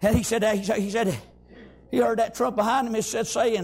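A man preaching a fervent sermon, breaking into shouts and punctuating lines with amens. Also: high voice, fairly quick, slightly rough.

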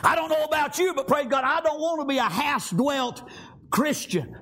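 Shouting emphatic lines and punctuating them with frequent amens, a man with a very high voice preaches a sermon at normal speed.

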